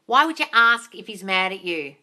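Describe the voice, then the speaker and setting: A woman hosts a live Q&A, reading out viewer comments and answering with gushing, excitable energy. Her voice is bright and forceful, and she swears casually and calls everyone darling. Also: mid-range voice, moderate pace. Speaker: manifestation coach and live-stream host.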